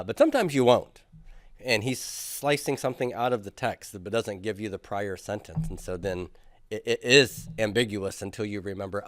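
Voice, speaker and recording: A man's voice: on the low side, no room sound, studio quality. A man teaching a classroom grammar lecture, patiently drilling students through forms and asking them to repeat after him. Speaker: Greek teacher.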